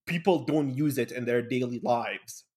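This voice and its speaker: A man's voice: medium pitch, normal speed, a little mellow. Rambling young man from Bahrain. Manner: rambling, many fillers and restarts. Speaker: podcast guest. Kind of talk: casual conversation.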